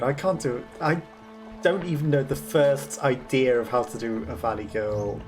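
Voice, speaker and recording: A Welsh woman streaming a game with casual, self-deprecating commentary and frequent laughter. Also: rumbling low. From Wales. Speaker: let's play streamer.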